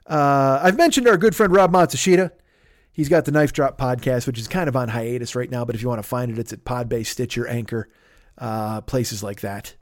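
A man's voice: medium pitch, brisk, dry recording, studio quality. A man hosting a podcast, giving a rambling, profane sponsor plug in casual chat, often breaking off and restarting. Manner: rambling, profane, self-interrupting. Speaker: podcast host.

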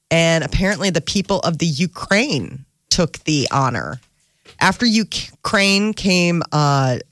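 A radio co-host chatting on a morning show, full of fillers and quick laughs. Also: medium pitch, fairly bright tone, no echo, clean studio sound. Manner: chatty, giggly, lots of fillers.

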